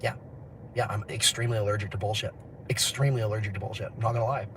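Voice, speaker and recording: A man's voice: fairly low pitch, fairly even intonation, rapid-fire, fairly bright tone. A man livestreams from a phone out on the street, rambling from one thought to the next. He laughs often and swears casually. Faint street noise sits under his voice. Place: outdoors on city streets.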